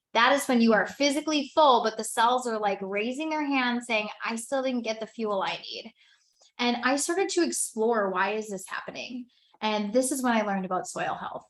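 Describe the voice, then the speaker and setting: A woman's voice: a little high, a bit bright. A woman in her thirties giving an earnest, conversational personal testimony as a wellness business presenter, with many "like" fillers.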